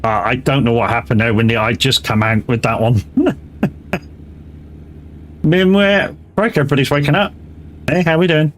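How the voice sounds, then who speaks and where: A man's voice: mid-range voice, fast, a bit bright, slight background noise. A man, chatting casually and swearing freely with his viewers while driving in a game stream, laughing often.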